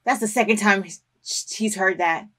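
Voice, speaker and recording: A woman hosting an anime reaction video, talking back at the screen and bursting into loud, emotional outbursts with cursing. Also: medium pitch, moderate pace, slightly rough. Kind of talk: reaction commentary.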